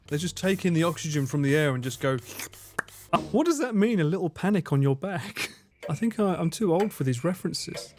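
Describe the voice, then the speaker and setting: A man giving casual gaming stream commentary, swearing, laughing and breaking into sudden loud yelps. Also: on the high side. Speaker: livestreamer.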